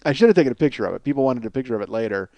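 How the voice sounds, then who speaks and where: A man's voice: medium pitch, animated, very fast, warm tone, no room sound. A man hosting a comedy podcast, telling a rambling, profane, self-mocking story and laughing at his own jokes. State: cold sore on face. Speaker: podcast host. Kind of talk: comic storytelling monologue.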